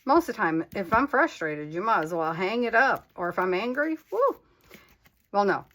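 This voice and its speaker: Talking to her supplies as she crafts, this vlog host chats in a candid, self-deprecating way. She has a mid-range voice with big pitch swings, a moderate pace, and a fairly bright tone.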